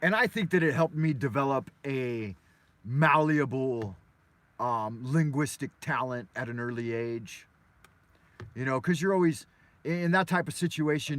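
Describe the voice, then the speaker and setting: An American man from Los Angeles hosts a live morning show from his car, telling stories in a loose, profane, meandering live-stream ramble. His voice is medium-pitched and a bit bright, in a dry recording.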